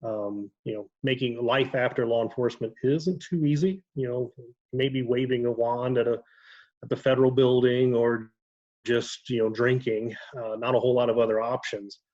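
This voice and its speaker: A man with an Ohio accent telling relaxed stories as a guest in casual chat, often pausing with ums and correcting himself. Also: mid-range voice, dull audio. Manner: relaxed storytelling with frequent ums and self-corrections. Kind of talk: casual video-call chat.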